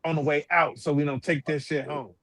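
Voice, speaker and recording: High-voiced trash-talking man. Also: flat delivery, fairly bright tone, no room sound, studio quality. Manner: trash-talking, boastful, drawn-out teasing. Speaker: podcast co-host. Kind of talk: casual sports chat. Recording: online stream call.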